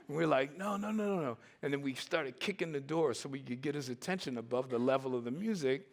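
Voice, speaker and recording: A man in his sixties telling stories on a conference stage in a lively way, acting out the voices and laughing often. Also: mid-range voice, quick pace, vocal fry. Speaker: conference speaker. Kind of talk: storytelling talk.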